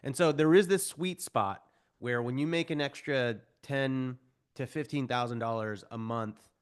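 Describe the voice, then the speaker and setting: Animated man telling stories on a podcast. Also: medium pitch, measured pace, clean tone. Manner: animated, self-deprecating storyteller who acts out quoted voices. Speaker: guest. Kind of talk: podcast interview.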